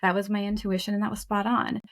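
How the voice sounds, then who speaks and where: Frank woman co-host, mid-pitched, candid storyteller with occasional cursing. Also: level tone, quick pace. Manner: frank, emphatic, casual swearing. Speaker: podcast co-host.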